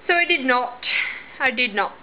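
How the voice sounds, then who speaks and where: A woman's voice: high voice, expressive, moderate pace, a little hiss or hum. Chatty young woman vlogging. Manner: chatty and rambling, voices the people in her stories. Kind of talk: casual chat to camera. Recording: slightly dull lo-fi recording.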